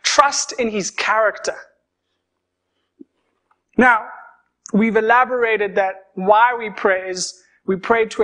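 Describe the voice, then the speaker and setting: A young man preaching a sermon, telling stories in a conversational, lively way. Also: high voice.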